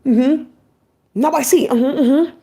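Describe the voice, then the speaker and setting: A woman's voice: high voice, takes it slowly, gravelly, mellow. A woman talking straight to her viewers in a rambling monologue, agitated and swearing often.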